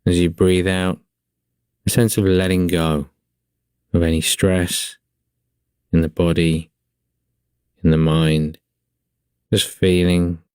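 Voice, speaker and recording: A man leading a guided breathing meditation in a slow, soothing, calm manner. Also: deep voice, smooth, no echo, studio quality.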